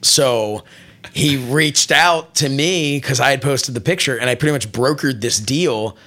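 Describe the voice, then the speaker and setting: Casual male interview guest, gravelly and bright, rambling storyteller with many restarts. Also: mid-range voice, a little slow. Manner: rambling, many restarts and fillers, animated retelling. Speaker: wrestling interviewer and programming director.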